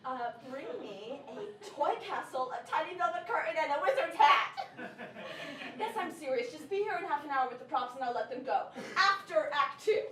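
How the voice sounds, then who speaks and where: A woman playing a manic, high-voiced bank robber. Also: animated, moderate pace, echoey room, distant mic, background noise. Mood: flustered. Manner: bossy, needy, lurching between threats and politeness. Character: unhinged woman bank robber staging a puppet show. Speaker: comedian in a solo character show. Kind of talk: live stage comedy performance. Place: theatre stage with a laughing audience.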